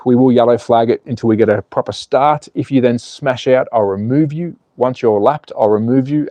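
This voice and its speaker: A man hosting a live stream, calling slot car races with an excitable, playful manner and joking with the chat. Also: medium pitch, dry recording. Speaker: live stream host and race caller.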